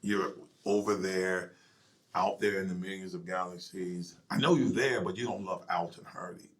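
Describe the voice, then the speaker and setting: A middle-aged male pastor telling his personal story in an interview, emotional and halting, sometimes dropping to a near whisper. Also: deep voice, steady tone, a bit bright. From United States.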